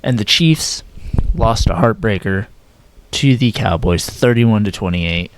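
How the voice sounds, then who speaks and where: A young man casually running through his weekly football picks, correcting himself as he goes and sometimes talking in a flat, robotic way. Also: on the low side, unhurried. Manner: casual, self-correcting, slightly flat delivery. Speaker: sports predictions vlogger. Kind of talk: casual sports picks talk.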